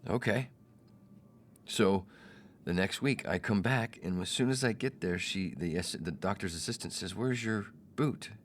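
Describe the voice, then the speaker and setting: A man hosting a podcast, telling a personal story in a casual, animated way and putting on the voices of the people in it. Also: low-pitched, normal speed, a little hiss or hum. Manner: animated, mimics others in quoted lines. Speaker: podcast host.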